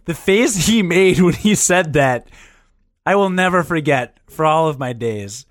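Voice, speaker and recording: A man's voice: a little high, lively intonation, measured pace, no echo, studio quality. A man co-hosting a casual podcast, teasing his partner and laughing often. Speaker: podcast co-host.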